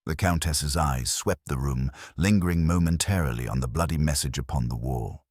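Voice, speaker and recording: A man's voice: extremely low pitch, moderate pace, hardly any pauses, darkish tone, slightly rough, dry recording, clean studio sound. A man giving scripted audiobook narration of a mystery story with dramatic storytelling.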